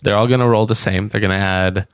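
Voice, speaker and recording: A man's voice: fairly low pitch, steady tone, fast, clear, resonant tone, dry recording. A man narrating a tabletop role-playing session as game master, describing scenes and calling for rolls.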